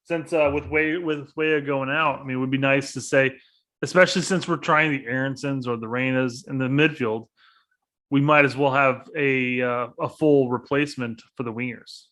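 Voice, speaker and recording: A man's voice: mid-range voice, steady tone, moderate pace, fairly bright tone. A man co-hosting a casual soccer podcast, rambling and thinking aloud as he talks through lineups. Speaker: podcast co-host.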